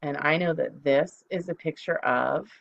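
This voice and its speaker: A middle-aged woman, a second grade teacher, giving a recorded phonics lesson, speaking slowly and clearly and spelling words out letter by letter. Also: deep voice, dull audio.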